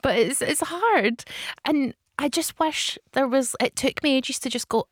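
A woman's voice: high voice, a little slow, no echo, clean studio sound. Chatty woman on radio. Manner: chatty, self-mocking, laughs often. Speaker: radio co-host. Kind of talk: casual radio chat.

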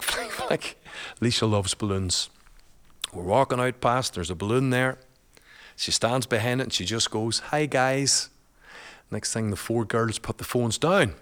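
A man's voice: on the low side, a bit bright. A man, a guest and father, telling a personal story in a chatty, colloquial way, laughing often.

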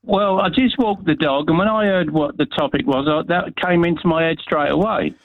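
A man's voice: fairly high pitch, normal speed, phone-quality sound, a little hiss or hum. A man in his seventies phoning in to a radio show, chatting casually and laughing at himself. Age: 70s. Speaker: caller. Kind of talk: casual phone-in chat.

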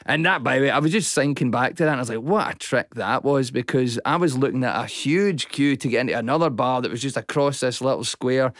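A man's voice: mid-range voice, fast, few pauses, no room sound, studio quality. A man, a stand-up comedian, chatting in an interview and acting out the quotes in his stories. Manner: animated storyteller, acts out quotes. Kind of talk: casual interview chat.

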